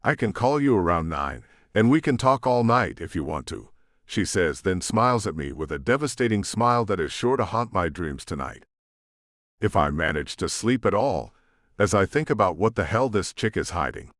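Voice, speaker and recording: A man narrating a romance audiobook in the first person, with an expressive reading. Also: deep voice, normal speed, no room sound, clean studio sound.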